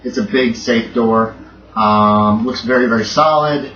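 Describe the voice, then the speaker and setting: A man's voice: medium pitch, a little slow, fairly bright tone. Casual man running a tabletop game. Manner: loose, casual descriptions with frequent ums and laughs. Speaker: game master. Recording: dull, roomy recording from a distant mic with faint noise.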